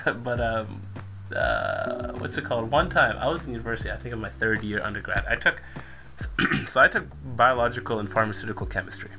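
A young man in casual chat, telling a story in an animated way and laughing often. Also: medium pitch, brisk, creaky.

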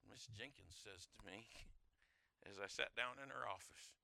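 Middle-aged man, pastor, gravelly edge, very bright tone, sermon storytelling, loud then hushed. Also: on the low side, unhurried, dry recording.

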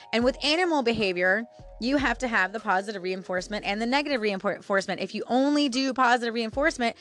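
Woman, 30s, podcast host, casual chat, candid, middle pitch, faint background music. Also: fairly bright tone. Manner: chatty and candid, with frequent fillers and laughs.

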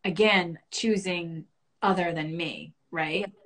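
A woman's voice: fairly even intonation, fairly bright tone. A woman earnestly and reflectively telling a personal story as a guest in a conversation. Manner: earnest and reflective, rising high and fast when reliving panic.

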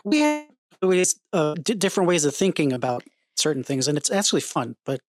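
A woman co-hosting a podcast, cutting in and stammering through restarts in casual chat. Her voice sits on the lower side. The sound is dry and close. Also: very animated, a little fast, a little mellow, no room sound. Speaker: podcast co-host.

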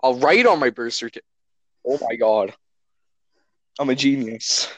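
A young man trades silly jokes with friends on a casual podcast. His pitch sits in the middle, and the sound is dry and close to the mic. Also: animated, unhurried, no room sound, poor audio. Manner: goofy, joking, recites a comic song. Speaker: podcast co-host. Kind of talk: casual joking chat.

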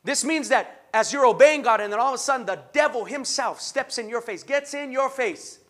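A man preaching a sermon with impassioned, rhythmic repetition, rising to shouts. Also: very high-pitched, a little fast. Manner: rhythmic repetition, call-and-response. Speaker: pastor.

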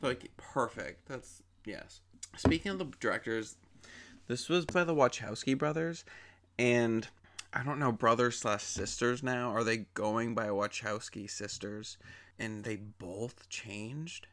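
A man's voice: medium pitch, slow pace, fairly bright tone. A young man chatting enthusiastically about a film he loves, with lots of fillers. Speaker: movie reviewer. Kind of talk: casual movie review.

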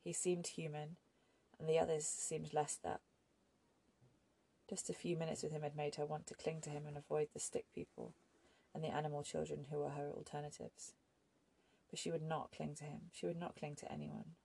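A woman narrating an audiobook in a measured, even storytelling manner. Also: low-pitched, gravelly, husky.

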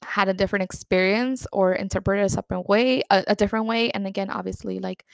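A woman's voice: mid-range voice, steady tone, quick pace, creaky, dry recording. A young woman hosting a podcast, telling her own story in a candid, rambling way with lots of "like" and a few Spanish words. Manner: candid, rambling, heavy use of "like". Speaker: podcast host. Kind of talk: personal storytelling monologue.

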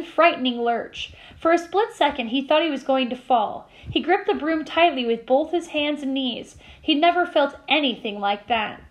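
High-voiced teacher reading a story aloud. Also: female voice, poor audio. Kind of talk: reading a novel aloud to a class.

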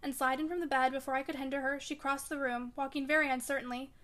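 A woman reading a classic novel aloud in a measured, even storytelling manner. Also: high-pitched. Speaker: reader. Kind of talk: audiobook narration of a classic novel.

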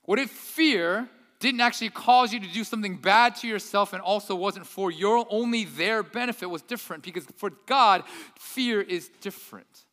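Bright-voiced male pastor in an echoey hall. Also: high-pitched, normal speed, hardly any pauses. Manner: energetic preaching with sudden loud peaks and hushed drops. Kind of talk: sermon.

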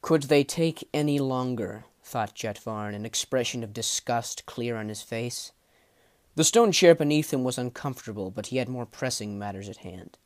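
Man reading a dark fantasy tale. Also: animated. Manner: measured, dramatic reading that drops low at phrase ends. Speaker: audiobook narrator. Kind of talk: storybook narration.

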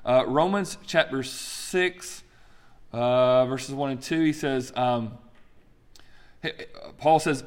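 A pastor teaching a sermon with slides, talking in an animated, emphatic way with frequent fillers and restarts. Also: male voice, medium pitch, slow, pauses often, long reverb tail.

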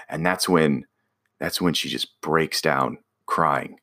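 A man's voice: very deep voice, slow, pushed and bright. A man casually telling a personal story about a driving job, rambling with restarts and fillers.

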